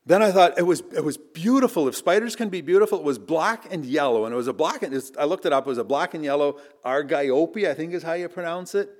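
A middle-aged male preacher with a voice sitting a touch above the usual male range. He tells his story in an earnest, storytelling way. He leans loudly into the emphatic lines, then falls to a near-murmur for the asides. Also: fairly high pitch, quick pace, few pauses. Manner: earnest, swinging between loud emphasis and hushed asides. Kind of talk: storytelling sermon. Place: chapel.

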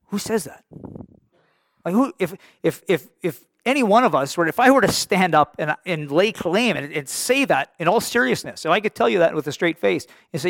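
A man preaching a sermon in an earnest, halting way, full of restarts, building to emphatic rhetorical questions. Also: sits high, expressive, vocal fry, fairly bright tone, dry recording.

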